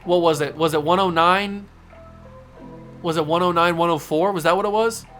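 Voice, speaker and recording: A young man talks casually over his basketball video game and slips into play-by-play, shouting when a big play lands. His voice sits a little high. Faint music plays in the background. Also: normal speed. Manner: excited play-by-play with bursts of shouting. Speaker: gaming channel host.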